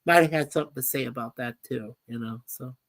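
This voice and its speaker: A woman's voice: a bass voice, fast. A woman hosting a casual livestream chat, rambling and reading viewer comments aloud. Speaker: livestream host.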